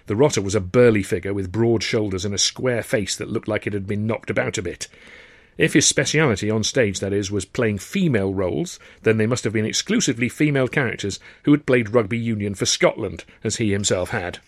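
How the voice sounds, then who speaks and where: A man's voice: on the low side, brisk, dry recording. A man reading his own comic novel aloud in a wry, understated storytelling manner. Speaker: narrator, author. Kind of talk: audiobook narration.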